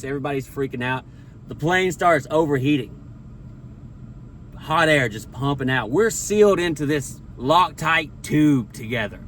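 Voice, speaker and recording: A man doing a stand-up comedy routine, telling a profane story full of quick quoted impressions. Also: on the high side, a bit bright, a little hiss or hum.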